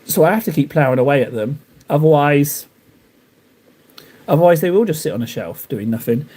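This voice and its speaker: A man's voice: fairly high pitch, animated, brisk, a little mellow. A young man chatting casually to his live-stream viewers while he paints miniatures, rambling and poking fun at himself. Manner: rambling, self-mocking, talks to chat while painting.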